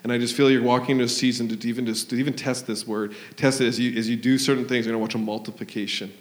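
A man's voice: medium pitch, level tone, racing, reverberant. A man preaching and praying prophetically in a church service, fervent and rambling, acting out quoted voices. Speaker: pastor. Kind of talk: sermon with prophetic prayer. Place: church hall.

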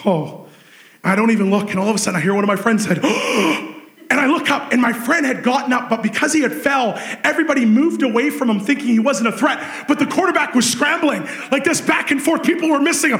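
A man preaching a sermon, telling a story with animated swings between excited shouting and hushed intensity. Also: very high voice, fairly quick, reverberant.

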